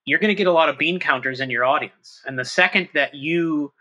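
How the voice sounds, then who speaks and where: A middle-aged man, a trumpet professor, talking through his ideas in an interview, animated and thinking aloud with quick restarts. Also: fairly high pitch, rough recording. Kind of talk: conversational interview.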